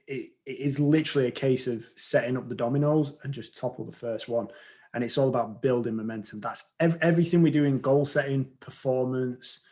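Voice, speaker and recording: A man's voice: mid-range voice, darkish tone. Earnest man giving motivational advice. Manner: earnest, motivational, builds points in lists. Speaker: performance coach. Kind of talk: casual group discussion.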